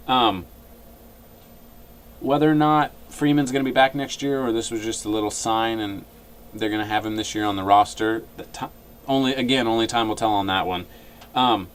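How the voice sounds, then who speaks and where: A man's voice: fairly low pitch, a little hiss or hum. A man vlogging his fantasy sports opinions in a casual, rambling monologue full of fillers.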